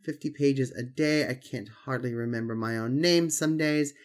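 Posh british society lady reading her own letter, a guy doing the accent, genteel and a bit halting, stumbles here and there. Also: mid-range voice, voice pushed down, natural voice. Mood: earnest, genteel. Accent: put-on British. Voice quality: put-on posh accent, stumbling over words.

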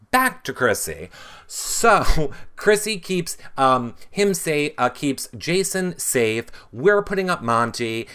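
Animated man recapping, worn out. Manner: animated, mimics houseguests in high voices. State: tired. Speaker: recap show host. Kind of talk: casual commentary with impressions.

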